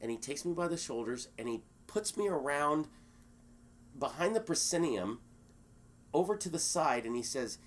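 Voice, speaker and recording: A man being interviewed, telling a story in a lively, animated way and acting out the quotes. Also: on the high side, moderate pace, slight background noise. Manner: animated storyteller, acts out quotes, many restarts. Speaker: guest.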